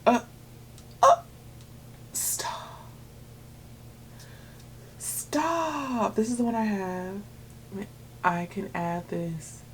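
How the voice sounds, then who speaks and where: A woman in her thirties vlogging about books at home in a chatty, excitable way, full of filler words. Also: medium pitch, slow, long pauses, slight background noise. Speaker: book vlogger. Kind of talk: casual chat.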